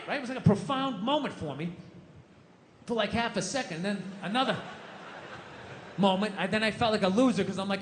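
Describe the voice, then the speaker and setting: A man's voice: high voice, brisk, pauses often, a little hiss or hum. A man doing a profane, exasperated stand-up routine on an open-air stage at a large venue. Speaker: stand-up comedian. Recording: echoey live venue sound.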